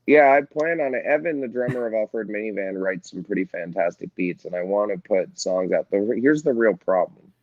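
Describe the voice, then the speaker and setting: A man's voice: on the low side, normal speed, no room sound, dull audio. A man in his thirties from New York, a band member chatting casually in an interview, joking, swearing freely and rambling. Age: 30s.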